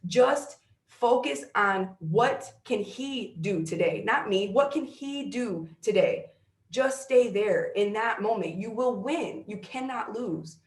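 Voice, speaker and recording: Female guest, mid-pitched, emphatic and preachy, repeats lines for weight; echoey room. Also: expressive, slow pace. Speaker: guest, sales team leader. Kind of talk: motivational interview talk. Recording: roomy echo.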